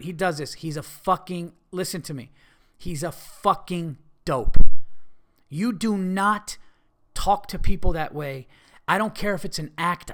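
A man delivers a profane, emphatic podcast rant. His voice is bright and forceful and sits a little high for a man. He hammers his points home and keeps swearing for emphasis. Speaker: podcast host. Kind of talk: ranting comedy podcast monologue.

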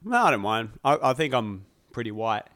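A young man co-hosting a casual podcast chat, joking and cursing freely. His voice sits at a middle pitch, and the sound is dry and close. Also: very animated, normal speed, a bit bright, dry recording. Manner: jokey, swears freely. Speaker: podcast co-host.

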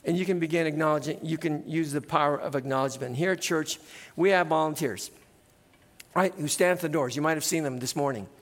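Middle-aged guy pastor, fairly high voice, chatty sermon, keeps saying right. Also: fairly quick, in a large hall. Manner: conversational, keeps adding "right?". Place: church sanctuary.

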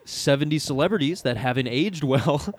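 A man's voice: mid-range voice, expressive. A man co-hosting a casual comedy podcast, reading items aloud with many fillers and frequent laughter. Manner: laughs often, reads aloud haltingly with fillers. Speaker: podcast co-host.

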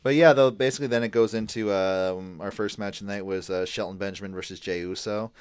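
Low, smooth-voiced man recapping casually. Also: steady tone, quick pace, dry recording. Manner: hesitant, many fillers while recapping. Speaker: podcast co-host recapping a show. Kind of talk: casual chat.

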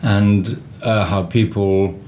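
A man directing a play, talking in a casual interview, halting with lots of fillers and restarts. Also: fairly low pitch, fairly even intonation, darkish tone, a little hiss or hum. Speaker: theatre director.

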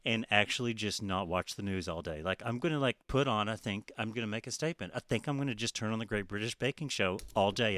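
Low-voiced guy hosting a podcast, swears a lot, chatty, dry close mic. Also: fast talker, few pauses, fairly bright tone, dry recording. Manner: chatty, profane, laughs often. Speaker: podcast co-host. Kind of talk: casual chat.

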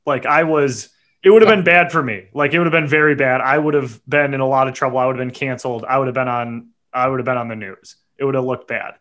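Bright-voiced profane storyteller man. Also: mid-range voice, quick pace. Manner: animated, profane, builds to indignant outbursts. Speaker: podcast co-host. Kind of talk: casual storytelling chat.

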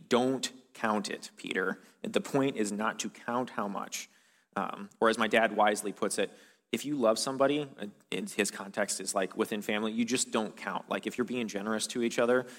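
A man's voice: fairly low pitch, fairly bright tone. Casual-sounding male preacher in reverberant hall. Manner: casual, conversational preaching with many fillers. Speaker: pastor. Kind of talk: sermon. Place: church hall.

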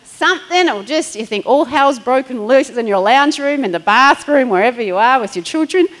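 A middle-aged woman preaching a sermon as a pastor. She tells stories in a chatty way, acting out little quotes and laughing along. Her voice sits fairly high. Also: expressive, fairly quick, a bit bright, rough recording.

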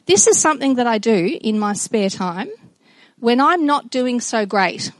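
A middle-aged woman giving a personal devotional talk to children and a congregation, earnest and reflective, with halting restarts. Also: a little high, dry recording. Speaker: speaker addressing children and congregation.

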